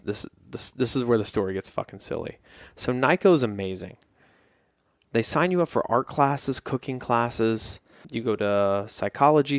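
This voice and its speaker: A man's voice: medium pitch, smooth, no echo. Podcast guest, male, raw storytelling, swears freely; muffled dead-room sound. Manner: profane, emotional, laughs at himself. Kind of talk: candid storytelling.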